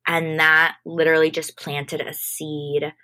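Low, slow-talking woman. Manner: relaxed, unhurried, casual with frequent "like". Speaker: guest, entertainment manager. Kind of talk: conversational interview storytelling.

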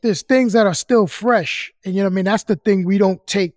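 A man's voice: high-pitched, no echo, clean studio sound. A man hosting a podcast, speaking in a reflective way and working through his ideas aloud in casual chat. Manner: slow, reflective, thinking out loud. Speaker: podcast host.

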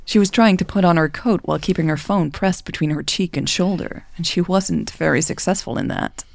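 Romance audiobook narrator, woman, deep and slightly creaky, calm and steady. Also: brisk, no room sound.

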